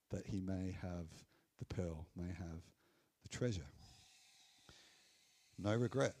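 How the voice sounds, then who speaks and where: A man with an Australian accent preaching a sermon at a Sunday church gathering, conversational and animated, with playful asides. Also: lowish voice. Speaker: pastor.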